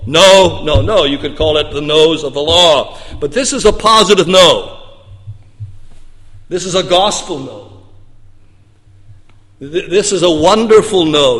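A man preaching a sermon with emphatic delivery, swinging between loud bursts and soft, low stretches. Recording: long reverb of a large hall.

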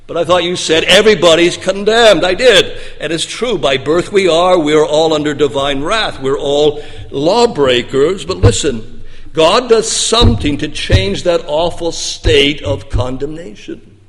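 Guy preaching a sermon, kinda high voice, big echoey church hall, punchy then goes quiet. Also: animated, unhurried. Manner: emphatic, dynamic preaching with loud and soft swings. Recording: long reverb of a large hall.

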